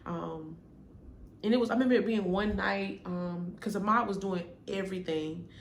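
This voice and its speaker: A young woman speaks to her viewers in an open, conversational way, telling her own story. Her voice has a mid pitch and carries the echo of a bare room, with faint background hiss. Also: normal speed. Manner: candid, addresses viewers as y'all, quiets when sad. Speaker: vlogger. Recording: echoey room with faint noise.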